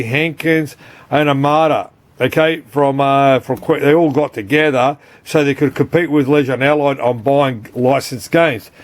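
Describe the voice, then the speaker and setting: Brief: Australian bloke, higher-pitched voice, loose, profane shop-talk rambling. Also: male voice. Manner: rambling, swears often, keeps saying "mate". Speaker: arcade board repairer. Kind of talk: casual unscripted video chat.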